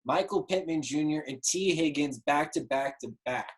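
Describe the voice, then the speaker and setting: A young man co-hosting a casual sports talk show, chatty and jokey with quick interjections. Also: a little high. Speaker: podcast co-host, mock draft participant.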